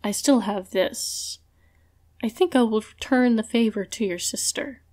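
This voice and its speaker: A woman's voice: fairly high pitch, unhurried, a little mellow. Woman reading as a mocking male villain. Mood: taunting. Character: menacing young male dark-magic villain, mocking.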